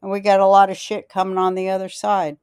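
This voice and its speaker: A woman podcast host tells rambling, profane stories in a smooth, clear voice. The sound is dry and close. She is blunt and drifts off topic. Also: medium pitch, completely flat delivery, quick pace, darkish tone, no echo. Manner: rambling, profane and blunt, loses her thread. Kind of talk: casual rambling storytelling chat.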